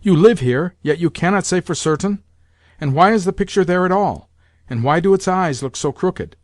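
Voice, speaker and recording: A man voicing an imperious rich old grandmother who gives blunt orders and sharp rebukes, in an audiobook reading. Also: high-pitched, animated, normal speed, no echo, studio quality, voice pushed up. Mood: scornful. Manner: commanding, sharp rebukes and demands. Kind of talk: audiobook character voice.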